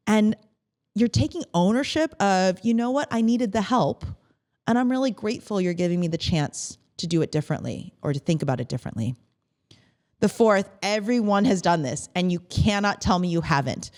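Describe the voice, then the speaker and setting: Animated woman hosting a podcast, low-pitched. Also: normal speed. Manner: animated, acts out quoted phrases in a lifted voice. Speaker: podcast host. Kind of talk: motivational podcast talk.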